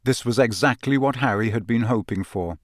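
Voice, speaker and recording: A man narrates an audiobook from a script, keeping his storytelling steady and measured. His pitch is medium, there's no echo, and the studio sound is clean.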